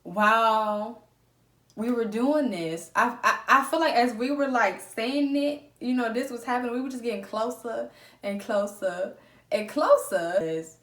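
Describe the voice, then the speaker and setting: A woman vlogger telling a story in a lively, profane storytime style. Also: a little high, measured pace. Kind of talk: storytime vlog. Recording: roomy echo.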